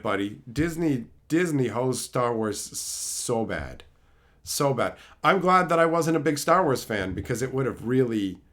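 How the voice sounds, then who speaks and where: A man's voice: mid-range voice, a bit bright. A man hosting a livestream, casually reading chat and ranting in a profane, unfiltered way. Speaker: livestream host.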